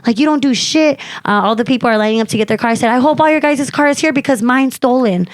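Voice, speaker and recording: A woman comedian telling a story on a podcast in casual chat, animated and profane, acting out what people said. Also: fairly high pitch, very fast, no echo. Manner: animated, profane, acts out quotes.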